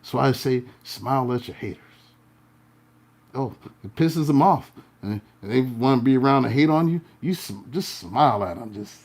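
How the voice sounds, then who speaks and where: Husky, animated male tarot reader. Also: medium pitch, moderate pace. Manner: playful, swings between loud and hushed, laughs often. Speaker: tarot reader and life coach. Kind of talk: casual storytelling to viewers.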